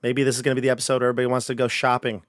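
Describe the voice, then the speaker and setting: A man's voice: medium pitch, completely flat delivery, racing, no echo, studio quality. A man running a livestreamed tabletop horror game, joking and chatty with his players. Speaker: game master.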